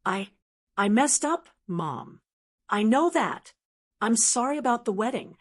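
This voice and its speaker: A man's voice: extremely high pitch, animated, measured pace, fairly bright tone, heavily acted. A woman voicing a frantic, stammering grown son. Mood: pleading.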